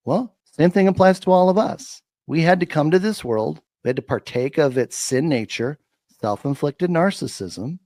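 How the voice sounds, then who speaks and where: A man's voice: fairly high pitch, expressive, normal speed, darkish tone, no echo, studio quality. A man giving a faith-filled talk as a guest, emphatic and preacher-like, repeating his points.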